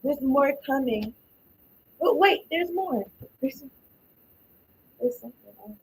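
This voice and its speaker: A woman's voice: sits high, lively intonation, slow, a little hiss or hum, poor audio. A woman giving a casual tarot reading, thinking aloud, blunt and informal, often trailing off. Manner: blunt and informal, with slang and swearing. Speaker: tarot card reader.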